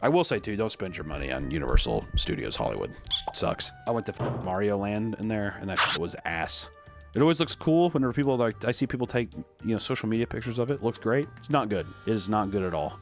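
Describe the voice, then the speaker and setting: Brief: young male host, casual and profane, voice leaps all over, faint music behind. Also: fairly low pitch. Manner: casual, swearing, animated. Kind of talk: comedic commentary.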